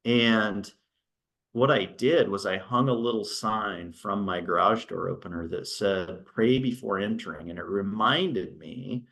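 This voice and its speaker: A man's voice: on the low side, a little slow, vocal fry, fairly bright tone. A middle-aged man giving a casual talk at a virtual business workshop, telling stories and often checking in with "right?". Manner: conversational, storytelling, often adds "right?". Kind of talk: casual presentation on a video call. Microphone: video call.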